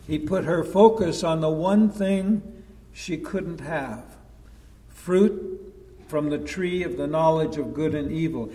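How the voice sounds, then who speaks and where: A man preaching a sermon as pastor, measured and emphatic, dropping to a hush on key points. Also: on the high side. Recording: long echo of a large hall.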